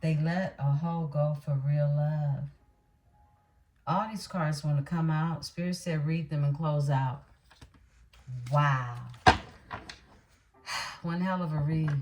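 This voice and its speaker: Low-voiced blunt woman reading tarot. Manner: blunt, emphatic, checks in with "okay?". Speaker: tarot reader. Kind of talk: live tarot card reading.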